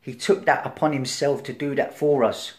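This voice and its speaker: A man preaching an informal sermon, talking to his listeners as if in conversation and checking in with "right?" again and again. He acts out the voices in the story and swings from loud, punchy emphasis to quiet, low lines. His voice sits in an ordinary middle pitch. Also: steady tone, normal speed. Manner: conversational, keeps asking "right?", acts out crowd and Pilate.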